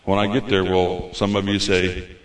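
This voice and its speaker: A man's voice: sits low, completely flat delivery, moderate pace. A man preaching a fervent, folksy sermon as a visiting preacher, repeating his phrases for emphasis. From United States. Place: church hall. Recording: roomy church hall.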